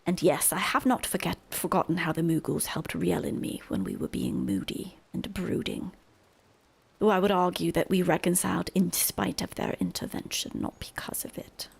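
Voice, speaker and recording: A woman voicing a brooding young male dark knight, reading game dialogue aloud in a measured, gravelly way. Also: fairly low pitch, steady tone, full character voice. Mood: wistful.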